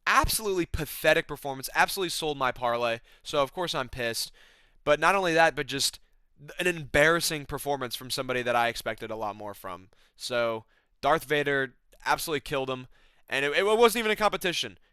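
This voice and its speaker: A young man giving a casual fight recap, excited and sarcastic, full of fillers and repeated words. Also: on the high side, fairly quick, smooth, no echo. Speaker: MMA recap host.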